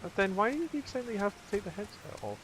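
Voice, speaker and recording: A man's voice: sits high, sing-song, fast talker, fairly bright tone, a little hiss or hum. A man co-hosting a let's play, chatting in a jokey, teasing way. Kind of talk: casual gaming chat. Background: game music.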